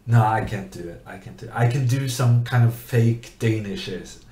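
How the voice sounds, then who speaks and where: A man's voice: on the low side, moderate pace, dark tone, reverberant, a little hiss or hum. A man streaming chess, chatting in a rambling way and reading viewers' questions aloud. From Norway. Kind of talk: casual commentary while playing chess.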